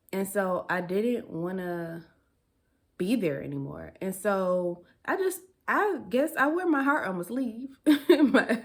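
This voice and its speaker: A young woman tells a story from her own life in a relaxed, conversational way. She laughs often between lines and uses dialect grammar. Her voice sits at a middle pitch for a woman. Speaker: storytime vlogger. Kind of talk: casual storytelling.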